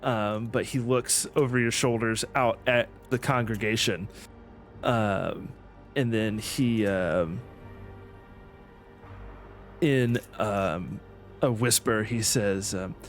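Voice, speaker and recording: A man narrating as game master in an online tabletop game, with many ums and pauses. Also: fairly low pitch, faint music behind. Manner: slow, with many ums and uhs.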